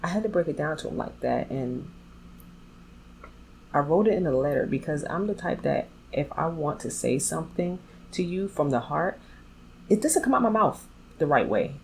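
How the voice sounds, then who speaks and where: Low-voiced woman telling a candid story. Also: animated, moderate pace, gravelly, slight background noise, rough recording. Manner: talks straight to viewers. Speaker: vlogger telling her story. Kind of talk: storytime vlog.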